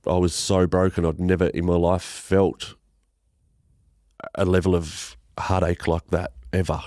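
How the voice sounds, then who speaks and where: Australian man, low register, emotional podcast guest, halting delivery, frequent swearing, dry mic. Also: level tone, mellow, dry recording. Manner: halting, emotional, swears often, many restarts. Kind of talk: emotional personal storytelling interview.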